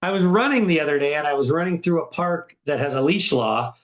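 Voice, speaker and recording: A man's voice: a little high, a little fast. Middle-aged male podcast host, roomy sound. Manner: animated storyteller, frequent agreeing. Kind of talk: casual podcast chat.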